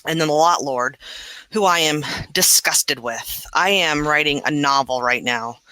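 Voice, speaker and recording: Bright, animated woman venting. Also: sits low, unhurried, dry recording, rough recording. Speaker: podcast co-host. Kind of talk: casual chat.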